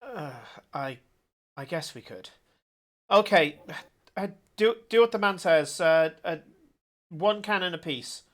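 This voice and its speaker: A man runs a tabletop game with a slightly high voice, telling the scene with hesitant fillers and then leaping into loud, shouted lines for the crew. He is easy to follow. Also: takes it slowly, pauses often. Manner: animated, shouting out character lines. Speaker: game master.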